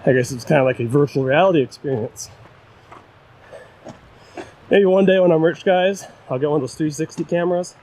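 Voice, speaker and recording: A young man with a slightly high voice talks to his viewers while climbing a windy rocky trail. He is out of breath and self-deprecating, chatting as he goes. The sound comes from a mic mounted on his camera outdoors. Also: brisk, pauses often, darkish tone. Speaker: hiking vlogger. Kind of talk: casual vlog narration while hiking. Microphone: camera-mounted shotgun mic. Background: wind.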